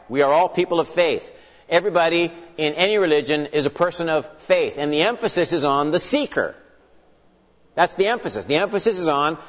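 Man, Bible teacher; earnest and emphatic with dry asides; long hall echo, muffled lo-fi recording. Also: on the high side. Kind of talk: teaching lecture opened with prayer. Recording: long hall reverb, dull lo-fi sound.

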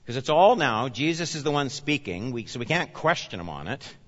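Man, pastor, sermon, from Canada, emphatic, forceful bright voice, long hall reverb. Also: medium pitch, very animated, a little fast. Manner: emphatic, swings between loud urgent preaching and quiet asides. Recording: dull sound with long reverb in a large hall.

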